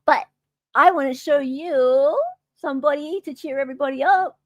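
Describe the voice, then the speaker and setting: A woman's voice: high voice, moderate pace, no room sound, highs cut off. An Australian woman hosting a casual livestream, chatting and reading viewer comments aloud. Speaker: livestream host.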